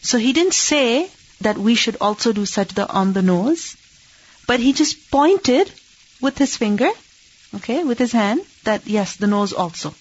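A woman's voice: fairly high pitch, expressive, unhurried, slightly rough, lo-fi sound. A woman teaching an Islamic hadith lesson, reading Arabic text and explaining it in English, asking and answering her own questions.

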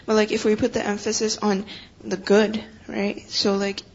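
A young woman in class offers a thought, hesitant and leaning on fillers. Her voice is husky and sits at a middle pitch. The sound is dull and lo-fi. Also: little pitch movement, moderate pace. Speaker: student.

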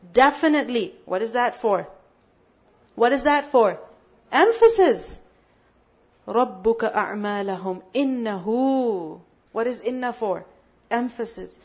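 A woman's voice: sits high, lo-fi sound. A woman teaching a Quran lesson. She poses questions and answers them herself, and she builds emphasis through repetition.

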